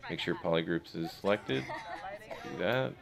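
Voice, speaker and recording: Deep gravelly man teaching. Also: expressive, measured pace. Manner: laid-back, slangy, keeps asking "right?". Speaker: 3D sculpting instructor streaming live. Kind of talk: casual live software tutorial. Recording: background crowd chatter from a playing video.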